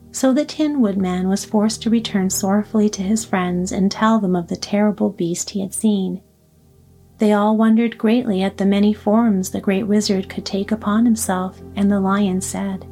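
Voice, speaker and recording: A woman reads a classic storybook aloud in a calm, even way. Her voice is mellow and warm rather than bright. Faint music runs quietly underneath. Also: medium pitch, moderate pace, husky. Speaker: audiobook narrator. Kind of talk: storybook reading.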